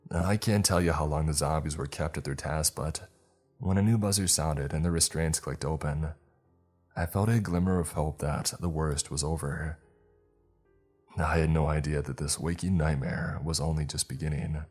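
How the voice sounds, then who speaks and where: Very deep, husky male storyteller. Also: steady tone, darkish tone, faint music behind. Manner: measured storytelling, first-person narrator. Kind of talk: scripted narration of a horror story.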